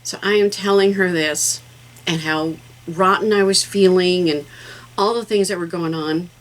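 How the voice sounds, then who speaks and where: A woman's voice: lowish voice, fairly even intonation, measured pace, rough recording. A middle-aged woman hosting a casual craft vlog, talking in a rambling, heartfelt way with plenty of fillers. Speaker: craft channel host.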